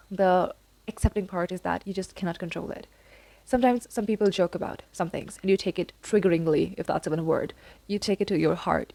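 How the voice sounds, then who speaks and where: A woman's voice: fairly low pitch, gravelly, mellow, no room sound. A young woman giving earnest, repetitive advice about college life, talking straight to the listener in a casual vlog. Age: young adult. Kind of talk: casual advice talk to camera.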